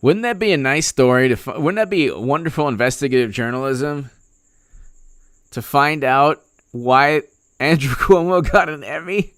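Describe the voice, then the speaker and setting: A man's voice: a little high, moderate pace, a bit bright, no room sound, clean studio sound. A male political commentator ranting in a sarcastic, mocking way, often laughing. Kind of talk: opinion vlog rant.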